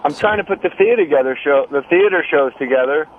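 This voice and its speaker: A man's voice: a little high, animated, phone-quality sound, a little hiss or hum. A man calling in to a radio show by phone, trading jokes and acting out quoted voices. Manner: quick joking delivery, acts out quoted voices. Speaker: comedian calling in. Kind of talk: casual radio chat, storytelling with impressions.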